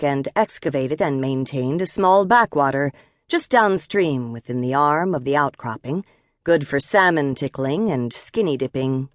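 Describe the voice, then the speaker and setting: Audiobook narrator: woman, low voice, measured and expressive, dry studio sound. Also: no echo.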